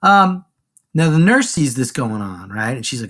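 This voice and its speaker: This man's fairly high voice moves fairly quickly as he breaks down a classic play for a class, slangy and lively, acting out lines in the characters' voices.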